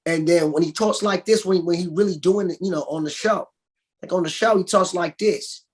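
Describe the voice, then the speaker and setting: Guy actor chatting on a podcast, tells stories loud and lively, lots of laughs. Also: high-pitched, fairly quick. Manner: animated storyteller, acts out quotes, laughs often. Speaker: actor guest. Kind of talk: casual interview chat.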